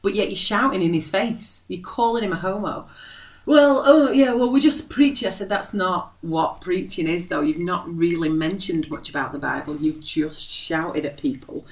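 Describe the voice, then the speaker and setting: English woman co-host, young, animated storyteller, lowish voice, laughs a lot. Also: moderate pace, few pauses. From England. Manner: animated, laughs often, acts out quoted voices. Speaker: podcast co-host. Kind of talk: casual storytelling chat.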